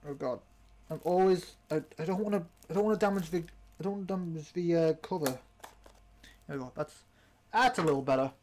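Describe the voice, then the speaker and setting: A man's voice: on the high side, fairly quick, pauses often, darkish tone. A young man from the United Kingdom hosting a casual unboxing vlog, rambling and chatty, with many ums and restarts. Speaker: channel host.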